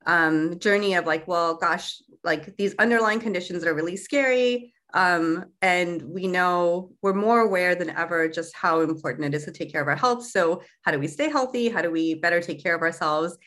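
A young adult woman speaks as a guest on a casual interview show over a video call. She talks in a chatty, meandering way, with plenty of ums and likes, in a somewhat low voice. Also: normal speed, hardly any pauses, fairly bright tone. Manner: chatty, many fillers like um and like. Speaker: guest, food company founder.

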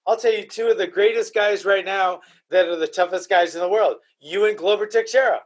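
A podcast host in casual chat, emotional and profane, often repeating himself. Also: male voice, high-pitched, fairly quick.

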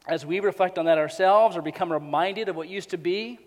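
High-voiced preacher in a reverberant hall. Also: male voice, a little fast. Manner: swings from hushed asides to loud emphatic repetition. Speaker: pastor. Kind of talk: sermon.

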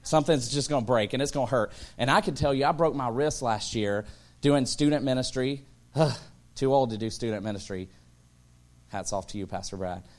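A man in his thirties, a pastor, preaching a sermon full of humorous personal stories, acting out voices and rising to excited shouts. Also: mid-range voice, normal speed. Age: 30s.

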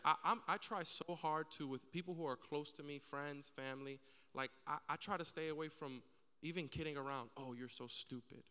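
A man's voice: a little high, fairly even intonation, a little fast, sharp tone, smooth. Earnest man in a reverberant hall. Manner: earnest storytelling, acts out quoted voices. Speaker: church panel speaker. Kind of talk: church panel discussion.

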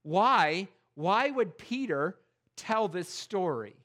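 A male pastor delivers a sermon in a church sanctuary. His voice sits high for a man and rings bright. He tells stories with animation. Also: slow. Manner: animated storytelling, voices jokes with rising pitch.

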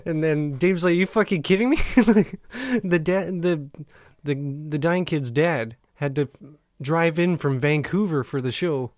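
Male comic co-host, higher pitch, quick teasing quips, dry close sound. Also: a little mellow, no echo. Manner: joking, teasing interjections. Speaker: comedian podcast co-host. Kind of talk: casual chat.

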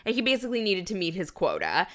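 A woman's voice: medium pitch, wildly swooping pitch, fast talker, a bit bright. A woman comedian co-hosting a podcast, talking casually with lots of fillers and restarts. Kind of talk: casual chat.

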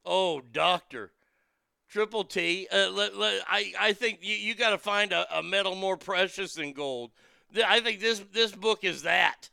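A man's voice: high-pitched, measured pace, vocal fry, sharp tone, clean tone, no echo. A man hosting a casual talk show who reads news items aloud and riffs on them, brash and profane, laughing at his own jokes. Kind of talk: casual political commentary.

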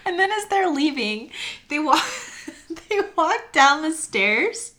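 A woman's voice: high-pitched, very animated, slow, fairly bright tone. A young woman co-hosting a casual film podcast, chatty and laughing, with lots of "like". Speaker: podcast co-host.

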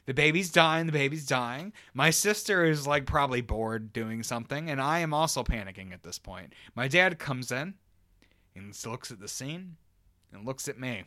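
A man co-hosting a podcast, telling a story in a casual, profane, animated way. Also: medium pitch, normal speed, no echo. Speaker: podcast co-host. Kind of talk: casual chat.

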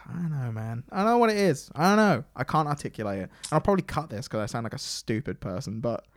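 A man's voice: mid-range voice, animated, quick pace, no echo, clean studio sound. A man co-hosting a casual podcast chat, ranting and swearing, acting out what others said. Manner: ranting, sweary, mimics people in quotes. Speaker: podcast co-host.

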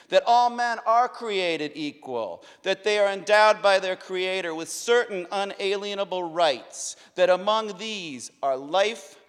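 A man recites quotations in a slow, declamatory style as host of a public reading, and his voice is pitched a little high. His tone is smooth and resonant, and each line rings out into the long reverb of a large hall. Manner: declamatory, emphatic, measured delivery. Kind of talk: dramatic spoken-word recitation.

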